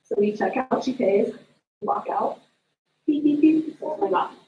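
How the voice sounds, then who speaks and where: A woman speaking as a sister at a memorial, telling family stories in an animated way. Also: high voice, a little slow, gravelly, slight background noise. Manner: storytelling, animated retelling of family moments. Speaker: sister giving a eulogy. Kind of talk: memorial eulogy with family anecdotes. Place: memorial service room. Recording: distant echoey room mic, dull sound.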